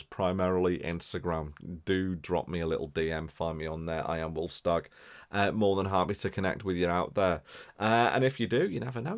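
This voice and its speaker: An English man hosting a podcast, signing off in a chatty, animated way with lots of fillers. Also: sits low. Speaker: podcast host. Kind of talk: casual podcast sign-off chat.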